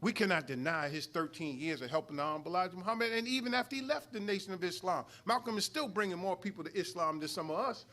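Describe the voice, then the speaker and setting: A man's voice: high voice, fast talker, few pauses, sharp tone. A middle-aged man from New York, a student minister teaching a sermon-style study lesson, swelling into emphatic peaks and calling out to the congregation. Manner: preacherly, rising emphatic swells and call-outs to the congregation. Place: mosque hall.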